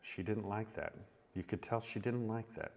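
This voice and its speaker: A man's voice: lowish voice, moderate pace, slight background noise. A man hosting a casual reaction video, talking loosely about what he watches, swearing freely and laughing often. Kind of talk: casual unedited TV reaction commentary.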